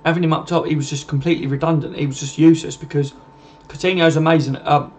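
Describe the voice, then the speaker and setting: A man hosts a casual football livestream, chatting and answering viewer comments in a matey, informal way and calling everyone mate. His voice is on the high side with a steady tone and a darkish quality, and he talks fast.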